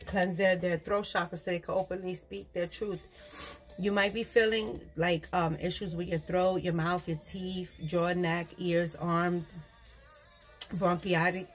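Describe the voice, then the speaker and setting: A woman's voice: lowish voice, fairly even intonation, a little slow, faint music behind. A tired woman giving a casual tarot reading, loose and laughing, swearing and slipping into whispers. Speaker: tarot reader.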